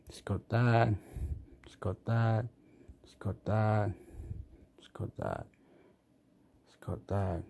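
A man from Australia who talks slowly and haltingly, thinking out loud as he goes. He wanders between thoughts, chuckles at himself, and keeps circling back on what he means to say. His voice sits at a middling pitch. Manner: rambling, thinking aloud, self-deprecating. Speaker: vlogger. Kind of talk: casual phone review.

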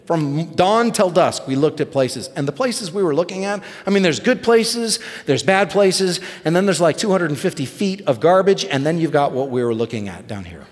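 A middle-aged male pastor telling a story in a sermon, animated and self-deprecating. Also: fairly high pitch, normal speed, few pauses, long reverb tail. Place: church sanctuary.

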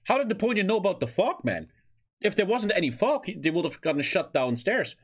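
Young german guy, german accent, casual reaction talk, high voice, very lively, swears a lot. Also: fairly quick, slightly rough. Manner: excitable, swears, fills with "man". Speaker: YouTube reactor.

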